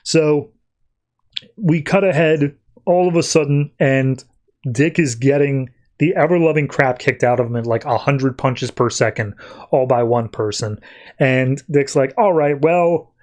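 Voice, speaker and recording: A man talks through a comic issue for his podcast in a casual, rambling style. His pitch sits in the middle, and his speech is loose and full of fillers and restarts. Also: a little slow, darkish tone. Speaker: podcast host. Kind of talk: casual comic-book recap.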